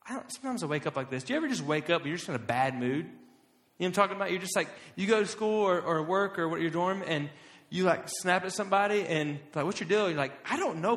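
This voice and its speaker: A young man preaching a casual sermon, talking conversationally and stretching key words slowly for emphasis. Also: fairly high pitch, a bit bright. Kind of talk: casual sermon to a live audience. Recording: long hall reverb.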